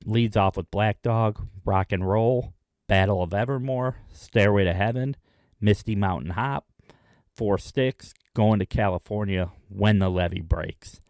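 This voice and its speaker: A man hosting his own video, chatting enthusiastically in a casual rundown with frequent pauses. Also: fairly low pitch, darkish tone, dry recording, studio quality. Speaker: music video host.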